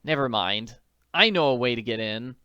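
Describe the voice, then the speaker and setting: A man's voice: medium pitch, expressive, normal speed, sharp tone, clear, resonant tone, no room sound, lo-fi sound. A man reading an audiobook, voicing a brave, determined teenage girl detective in an urgent, earnest way. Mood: resolute. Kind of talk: audiobook character voice.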